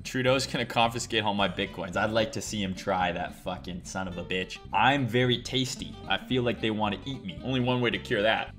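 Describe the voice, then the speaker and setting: A brash male livestream host with a bright, forceful voice, cursing freely through crude jokes about the crypto charts. He's sipping cider as he talks, over faint music. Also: medium pitch. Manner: brash, crude, swearing and self-mocking. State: drinking cider, burping. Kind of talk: profane, joking livestream chart commentary.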